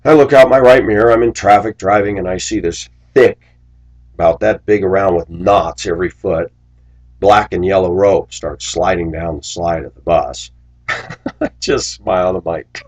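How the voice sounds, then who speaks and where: Low husky-voiced man rambling. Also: normal speed, darkish tone. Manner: preachy, aggrieved, storytelling with asides. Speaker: school bus driver. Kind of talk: rambling personal monologue.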